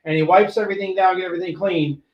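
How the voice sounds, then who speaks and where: An older man, a retired police sergeant, hosting a podcast and telling an animated, profane story that acts out what people said. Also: high voice, rapid-fire, reverberant, lo-fi sound. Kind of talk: casual storytelling.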